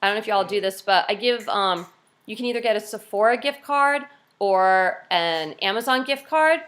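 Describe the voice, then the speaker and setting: A woman's voice: medium pitch, normal speed, a bit bright. A woman coaching her team on a video call, chatty and upbeat, acting out cheerful quotes now and then.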